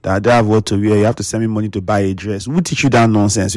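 A man's voice: lowish voice, quick pace, few pauses, a little mellow, no room sound, clean studio sound. A Nigerian man hosting a radio talk show, lecturing his listeners in a scolding, preachy way and mixing in pidgin.

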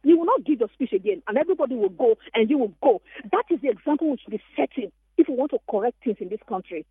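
A woman's voice: a little high, quick pace, slightly rough, dry recording. Nigerian woman on a tinny phone line. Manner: animated storytelling, emphatic. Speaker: caller. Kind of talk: call-in radio comment.

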